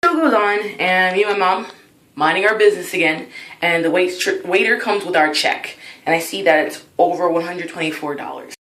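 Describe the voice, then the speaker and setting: A woman in her early twenties telling a personal story in an excitable, dramatic way for her vlog. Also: on the low side, normal speed, echoey room, rough recording. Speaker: vlogger.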